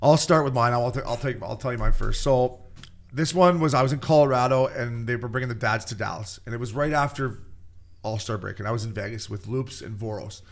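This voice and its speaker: A man's voice: medium pitch, brisk, vocal fry. A man co-hosting a podcast, a former pro hockey player telling a profane anecdote in casual chat. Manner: profane storytelling, acts out quotes.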